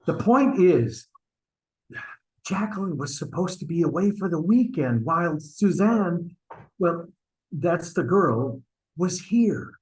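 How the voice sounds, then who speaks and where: Playing a sheepish, stammering husband who hides an affair and presses his friend, an acting student performs a stage scene online via video call. His slightly high, a little mellow voice swings widely in pitch and moves slowly. Audio quality is poor.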